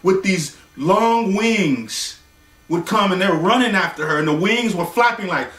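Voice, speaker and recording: A man's voice: high voice, animated, a little slow, recorded from a distance, noisy background. A man telling a casual bedtime story, rambling loosely with fillers and acting out the characters' lines. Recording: roomy echo, voice from away from the mic.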